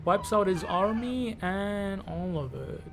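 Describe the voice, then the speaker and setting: A man's voice: high-pitched, lively intonation, slow, vocal fry, background noise. A man from Canada giving loose, sweary, rambling commentary while streaming a game. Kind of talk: casual gameplay commentary.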